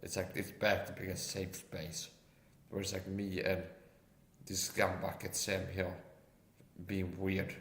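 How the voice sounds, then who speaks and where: Low, forceful man ranting with a roomy echo. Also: little pitch movement, a little slow. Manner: keeps tagging lines with "okay?" and "see?". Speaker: livestream guest. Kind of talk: casual rant.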